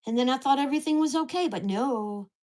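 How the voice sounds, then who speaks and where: A woman vlogger ranting to the camera, with profane, fast-shifting storytelling and an exasperated, indignant tone. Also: sits high, darkish tone. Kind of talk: angry rant to camera.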